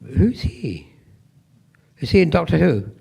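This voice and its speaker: A man's voice: a little high, sing-song, takes it slowly, creaky, darkish tone, breathy edge. An older man with a Scottish accent, the guest of honour answering fans at a convention Q&A with rambling, playful anecdotes.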